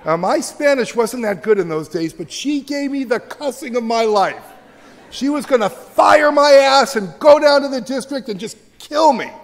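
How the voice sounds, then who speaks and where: High-voiced man in his sixties lecturing. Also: animated, normal speed, gravelly. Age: 60s. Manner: emphatic, joking storyteller. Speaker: teacher giving a lecture. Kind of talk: humorous, animated public lecture. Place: large university auditorium. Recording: reverberant auditorium lecture recording.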